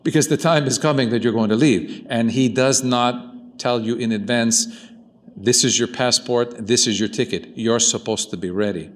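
A man preaching a sermon as a priest, talking to his congregation in an animated way, moving from quiet, intimate asides to loud, emphatic peaks. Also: medium pitch, moderate pace, in a large hall. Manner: animated, swings from soft to loud.

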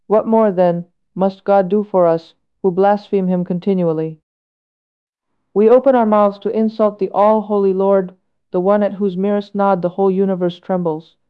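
Smooth-voiced woman reading a solemn sermon. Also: mid-range voice, steady tone, highs cut off. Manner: measured and earnest, with rhetorical questions. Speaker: reader of a sermon. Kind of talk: slow, solemn read-aloud homily.

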